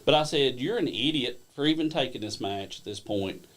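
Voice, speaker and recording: A man, a wrestling promotion owner and guest, telling stories in a casual, animated way and laughing along. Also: mid-range voice, a little fast. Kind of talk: casual storytelling on a live stream.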